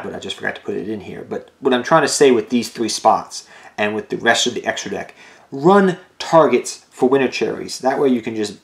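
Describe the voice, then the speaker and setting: Tired, rambling man in a roomy echo. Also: lowish voice. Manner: loose, rambling, lots of restarts and "you know". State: tired and out of breath. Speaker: card game YouTuber. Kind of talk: casual deck profile talk.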